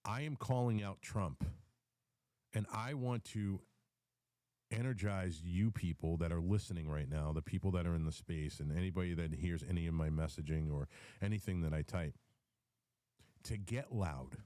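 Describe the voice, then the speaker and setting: A man with a low, dark voice delivers a rambling political commentary rant to a live audio audience. He repeats himself, restarts sentences and fills gaps with ums while dealing with the hiccups. The sound is dry and close, with no room echo. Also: normal speed. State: has the hiccups. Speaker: host of a live audio space.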